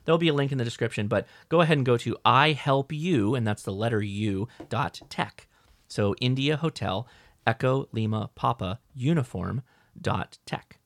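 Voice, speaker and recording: A man's voice: medium pitch, moderate pace, no room sound. A man hosting a casual podcast, joking around and reading listener mail aloud. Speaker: podcast host. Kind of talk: casual chat.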